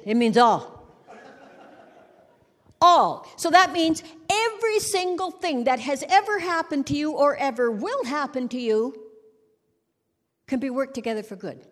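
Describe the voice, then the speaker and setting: Wry, lively woman preaching in a hall. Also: a little high. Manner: wry, joking storyteller who acts out quotes. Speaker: church speaker. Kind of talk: humorous sermon. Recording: long hall reverb.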